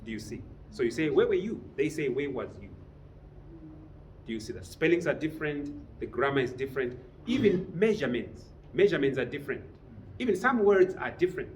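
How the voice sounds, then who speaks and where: In a training room, a man teaches a business writing class, lecturing and quizzing his students with frequent questions. His voice is on the high side, expressive and fast, with a little hiss or hum on the recording.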